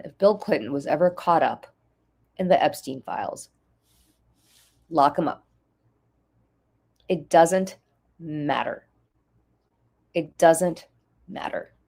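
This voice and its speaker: A woman's low, slightly mellow voice carries vocal fry as she gives impassioned talk-show commentary. The political commentator and nonprofit leader sounds emotional and urgent, driving her points home through emphatic repetition.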